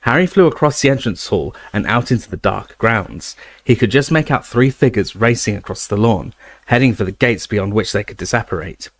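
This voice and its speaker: A male narrator reads an action-packed fantasy chapter with an expressive delivery, lifting his voice for the shouts. His voice is fairly low, and the recording is dry and close with no room around it. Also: moderate pace, dry recording. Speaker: audiobook narrator. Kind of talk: dramatic audiobook reading.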